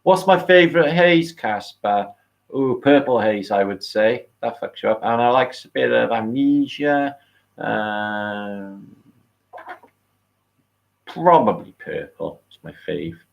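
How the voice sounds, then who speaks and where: A man's voice: mid-range voice, animated, takes it slowly, creaky, lo-fi sound. Rambling sweary British man on a livestream. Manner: rambling, swearing, reading out viewer names. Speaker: livestream host. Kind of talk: casual live-stream chat.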